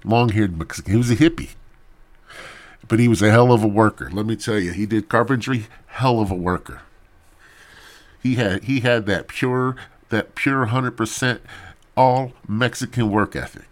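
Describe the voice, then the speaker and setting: Low-voiced guy on a podcast mic, cussing nonstop, rambling mock-serious bit. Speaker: podcast host. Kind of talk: profane comedic rant.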